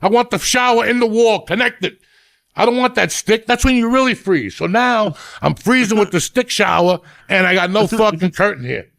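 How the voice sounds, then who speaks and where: A middle-aged man rants in a profane, rambling, comic way as a podcast host. His voice is gravelly and sits a little high, and it is recorded close and dry. Everything comes out loose, like talk between friends. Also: moderate pace, few pauses, fairly bright tone, no echo. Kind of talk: crude comedic rant.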